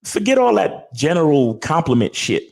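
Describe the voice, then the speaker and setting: A man's voice: fairly high pitch, sing-song, normal speed, gravelly, darkish tone. A man hosting a show, giving casual dating advice into a mic in a profane, repetitive way, often checking that the listener understands. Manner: profane, repetitive, keeps asking "you understand?". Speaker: host. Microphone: talking into a studio mic.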